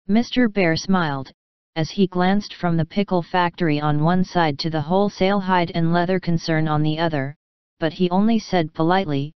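A woman narrating a classic novel as a bedtime audiobook, with calm, even storytelling. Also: fairly low pitch, moderate pace, clean tone, no room sound. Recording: dry, slightly dull sound.

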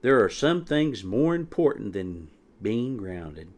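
A man's voice: fairly low pitch, sing-song, slow, a little mellow. A man voicing a scrawny, brave young male chick in a storybook reading, earnest and chirpy.

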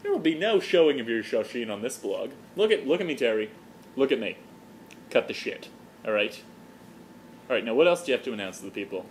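A man hosting a comedy vlog, stammering and tripping over restarts in a mock-excited way. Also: mid-range voice, fast talker, slight background noise. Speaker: blog host.

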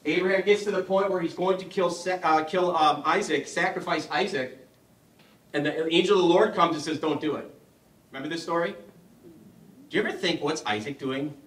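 A man's voice: high voice, a little fast, fairly bright tone. A middle-aged man giving a conversational teaching talk at a parish adult education evening, humorous and often putting questions to the audience. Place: parish hall. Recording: echoey hall, mic far off.

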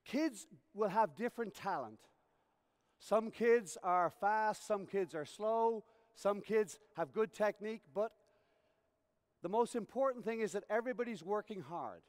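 A tennis coach educator lectures at a conference, explaining through acted-out examples and often checking in with the audience. His voice is high-pitched, animated and unhurried, recorded with reverb in a conference hall.

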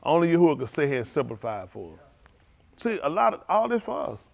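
Male pastor, loose vernacular sermon delivery, moves between low murmurs and loud high exclaiming. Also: very animated, fast talker, gravelly. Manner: speaks in informal, vernacular English.

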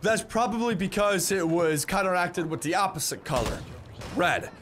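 A man's voice: high-pitched, lively intonation, normal speed, a bit bright, a little hiss or hum. A young man telling a story in a casual, rambling way, often repeating words and swearing bluntly. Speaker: vlogger.

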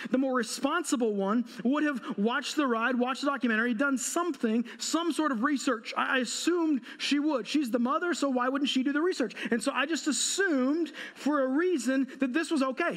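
A pastor in his thirties speaks with a strikingly high voice for a man. He preaches a sermon by telling a humorous, self-mocking story, and speaks with a storyteller's timing. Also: fairly bright tone. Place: church.

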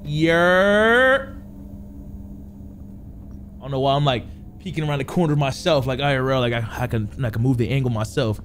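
A young man commentating a horror game, excitable and loud, swearing and yelling at the game, with game music playing behind him. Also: mid-range voice, normal speed, pauses often, slight background noise. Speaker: gaming streamer.

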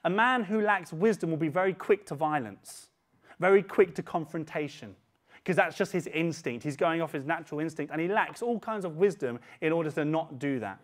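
A man preaching a sermon as pastor, chatty and plain, slowing down to quote scripture. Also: on the high side, lively intonation. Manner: conversational, slows for scripture quotes.

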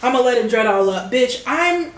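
A woman's voice: a little high, lively intonation, normal speed, slight background noise. A young woman reacting to music in a vlog, exclaiming, swearing and cheering along. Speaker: reaction video creator. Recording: echoey room, faint music behind. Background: music playing from a speaker.

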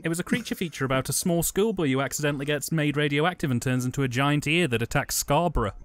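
An English man co-hosting a casual film commentary, spinning dry, deadpan absurd jokes. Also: fairly high pitch, fast, dry recording. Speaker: podcast co-host.

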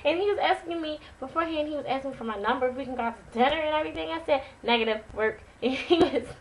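Woman vlogger, high-pitched, animated casual storyteller. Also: quick pace, slight background noise, poor audio. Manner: animated, chatty, dramatic retelling.

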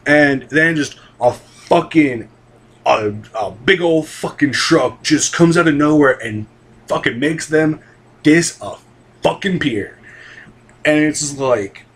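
A man's voice: fairly high pitch, slow, fairly bright tone, slightly rough. A young man talking casually and rambling about anime, swearing freely and restarting his sentences with lots of fillers. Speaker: anime vlogger.

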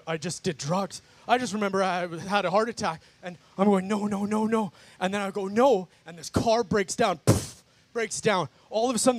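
A high-pitched man, captured in a dry recording, preaches a fervent testimony to a worship crowd in a park. The guest speaker is emphatic and repetitive, repeatedly calling the audience "guys."

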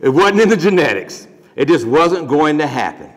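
Very animated and speaking at normal speed, this Ohio man has a fairly high voice as he preaches as pastor in a church sanctuary. His delivery is emphatic yet conversational, built on plain everyday wording, with long church reverb on the recording.

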